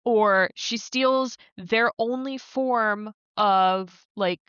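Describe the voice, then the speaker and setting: A woman's voice: on the high side, very slow, fairly bright tone, clear, resonant tone, dry recording, dull audio. A woman co-hosting a podcast, chatting casually about a TV episode, full of "like" fillers and casual swearing. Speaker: podcast co-host. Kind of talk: casual recap chat.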